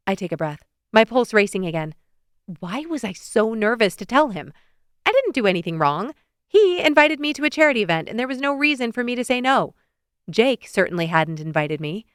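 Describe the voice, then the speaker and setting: A woman narrating a first-person romance audiobook in a lively, expressive way, often lifting into excited questions, recorded close to the mic. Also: mid-range voice, fairly quick, smooth, dry recording.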